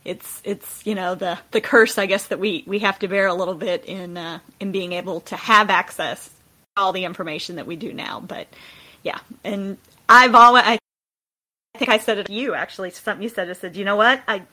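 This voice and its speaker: A woman's voice: mid-range voice, steady tone, fairly quick, bright, forceful tone. A woman guest in a casual chat, bubbly and full of fillers. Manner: bubbly, lots of fillers and laughs.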